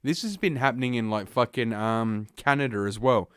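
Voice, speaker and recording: A man's voice: mid-range voice, moderate pace, fairly bright tone, clear, resonant tone, no room sound, clean studio sound. A man who hosts a podcast, reads news items aloud and breaks off into blunt, profane, scornful rants full of uhs. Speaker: podcast host. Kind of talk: reading news aloud with ranting commentary.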